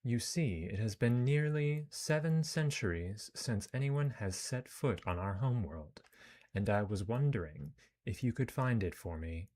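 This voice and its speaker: A courteous, mysterious male wanderer from a space game talks in a lyrical, earnest lilt, as a man puts him on. The voice sits noticeably above the performer's usual low register. It keeps an even, heartfelt tone. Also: measured pace. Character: mysterious soft-spoken male psychic wanderer.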